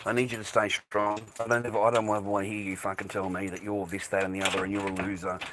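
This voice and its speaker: A man's voice: lowish voice, level tone, fast talker, few pauses, noisy background. A middle-aged man giving coarse, swearing, emphatic advice to other men in a blunt monologue.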